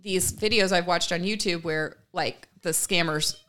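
A woman in her thirties from the United States, co-hosting a podcast and telling stories in a casual, animated way. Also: on the low side, a little slow. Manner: animated storytelling with laughter. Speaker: podcast co-host. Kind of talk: casual chat.

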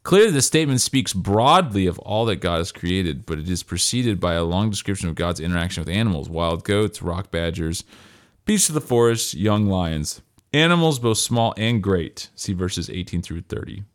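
A man with a fairly low voice co-hosts a casual podcast. He rambles in a chatty way and breaks off to read list items aloud. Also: animated, moderate pace. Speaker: podcast co-host.

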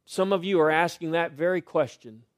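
Male pastor preaching, middle-aged, slightly high voice, loud climbs then hushed refrains, dry close sound. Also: moderate pace, no room sound. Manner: emphatic preaching, swings between loud rises and hushed refrains. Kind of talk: sermon.

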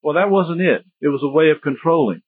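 A man's voice: on the high side, a little fast, slightly rough, dry recording. A man giving a history lecture in a conversational, digressive way with joking asides. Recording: tinny phone-like dry sound.

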